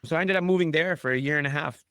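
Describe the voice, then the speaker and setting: A man in his thirties from Chicago, a chef telling stories in a casual chat, animated and swearing freely. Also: a little high, very fast, smooth, no echo. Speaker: chef and podcast guest.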